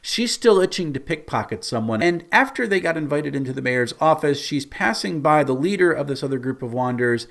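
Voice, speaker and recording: A man telling the story of a tabletop game as its game master, in a lively storytelling manner. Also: on the high side, a little fast, creaky, hardly any pauses. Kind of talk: recounting a tabletop campaign.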